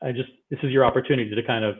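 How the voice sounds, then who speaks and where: A man on a livestream panel pushes for straight answers in a lawyer-like way. He talks fast, and his voice arrives thin and tinny, as if over a phone line. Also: mid-range voice, steady tone. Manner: pressing, lawyer-like questioning. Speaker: panelist questioning the guest.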